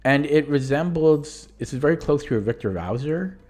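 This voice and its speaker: A man's voice: fairly high pitch, animated, normal speed, a little mellow, faint music behind. A young man who is losing his voice, talking casually through his own chess tournament games on a live stream. He rambles, stops to correct himself and lets sentences trail off.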